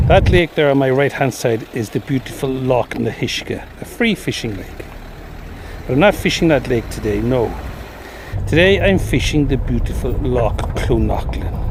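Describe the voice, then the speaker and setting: A man vlogging about a fishing trip, narrating his drive in an enthusiastic, chatty way. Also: mid-range voice. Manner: enthusiastic, gushing about the scenery. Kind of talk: chatty travel narration to camera. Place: in a car on country roads. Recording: road and car noise behind.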